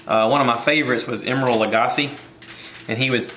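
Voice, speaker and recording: A man's voice: medium pitch, fairly even intonation, fairly quick, roomy sound, noisy background. A man hosting a casual cooking video from his home kitchen, rambling and joking at his own expense. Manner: rambling, jokey, self-deprecating.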